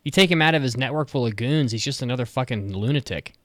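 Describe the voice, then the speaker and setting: A man's voice: mid-range voice, fast talker, a bit bright, no echo, studio quality. A man co-hosting a podcast, chatting casually, blunt and swearing often. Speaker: podcast co-host. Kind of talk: casual chat.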